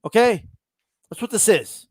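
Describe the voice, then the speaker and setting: Casting: high-pitched male streamer, blunt profane ranting, dry close sound. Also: animated, measured pace, a little mellow, breathy edge, no room sound. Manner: profane, blunt, ranting, reads viewer comments aloud. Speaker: boxing livestream host. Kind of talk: casual livestream rant.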